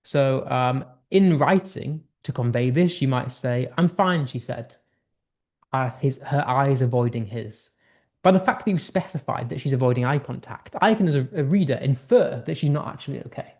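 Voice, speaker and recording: A man's voice: mid-range voice, animated, moderate pace, darkish tone. A young British man teaching an English writing lesson in a chatty way, full of fillers and acted-out example lines. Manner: conversational, many fillers and restarts, acts out example tones. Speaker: English tutor.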